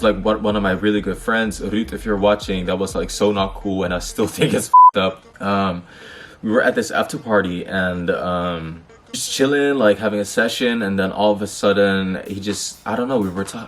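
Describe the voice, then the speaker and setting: The audio is very noisy, and his low voice runs slightly fast. He is a young Dutch vlogger telling personal stories to camera, speaking openly and heatedly with a lot of slang and profanity.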